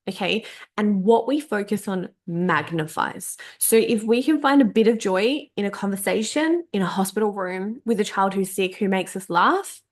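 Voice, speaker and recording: A woman coach talks through a motivational workshop with a gravelly edge on her voice. She speaks candidly and swears freely. She leans on repeated words to drive her points home. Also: medium pitch. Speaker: energetics coach. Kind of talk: casual motivational workshop talk.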